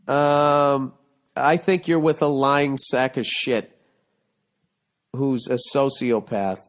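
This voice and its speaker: A man in his forties from the United States, hosting a comedic podcast, ranting bluntly and profanely about a listener's letter. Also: medium pitch. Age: 40s. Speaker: podcast host.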